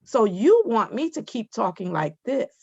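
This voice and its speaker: A woman's voice: fairly high pitch, big pitch swings, a little slow, mellow, husky, no echo, highs cut off. A woman judge sternly lecturing from the bench over a video call, firm and scolding.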